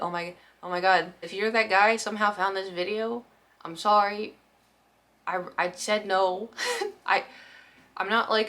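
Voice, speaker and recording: A woman's voice: mid-range voice, a bit bright. A young woman vlogger recounting a story to her camera in a loose, rambling way. She sounds anxious and self-deprecating, stumbling over restarts as she talks it through. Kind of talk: casual storytime monologue.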